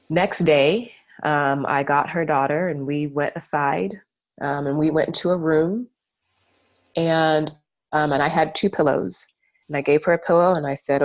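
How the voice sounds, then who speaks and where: A woman's voice: deep voice, fairly even intonation, unhurried. A woman guest in a casual interview, telling a personal story in an earnest, reflective way with many fillers and restarts.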